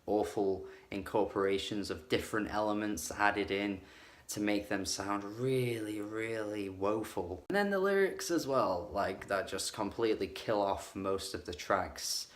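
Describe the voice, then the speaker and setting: A man's voice: fairly low pitch, animated, a little slow. A man giving a casual spoken album review, blunt and critical, with lots of "like" fillers. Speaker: music reviewer.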